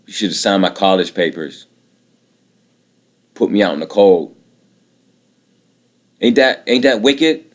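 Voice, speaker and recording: A man's voice: on the low side, animated, a little slow, long pauses. Bitter man ranting, repetitive and raw. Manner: bitter, aggrieved, repetitive, profane. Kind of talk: emotional personal monologue.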